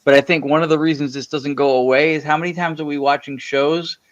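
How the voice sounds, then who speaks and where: A man with a slightly high voice, recorded dry and close. He rambles through his stories in a casual panel chat, often cutting himself off to restart. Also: little pitch movement, quick pace, dry recording, muffled recording. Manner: rambling, self-interrupting storyteller.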